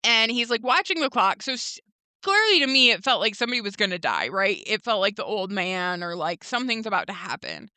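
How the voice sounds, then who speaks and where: A young woman co-hosts a casual recap podcast. Her voice is bright and crisp, and she is recorded dry and close to the mic. She retells scenes by voicing the characters, with plenty of "like" and "um.". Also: mid-range voice, big pitch swings, brisk, no room sound. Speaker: podcast co-host.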